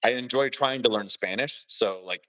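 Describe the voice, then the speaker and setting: A man's voice: mid-range voice, normal speed, sharp tone, no room sound, low-quality recording. A man as a podcast guest, rambling through casual stories, full of filler words and swearing. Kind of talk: casual chat.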